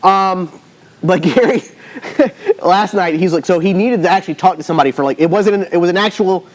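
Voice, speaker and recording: A man hosting a casual talk show, telling lively stories and laughing often. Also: sits high, a little fast. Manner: animated storyteller, laughs often. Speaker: podcast host. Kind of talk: casual chat.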